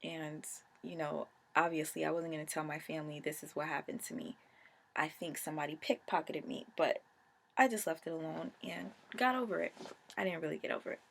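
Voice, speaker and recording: A young adult woman vlogger telling a personal story in a casual, animated, emotional way. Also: sits low, a little fast, gravelly, a little hiss or hum.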